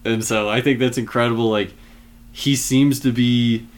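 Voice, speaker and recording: A man casually retelling film scenes in a relaxed chat, with many fillers. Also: medium pitch, normal speed.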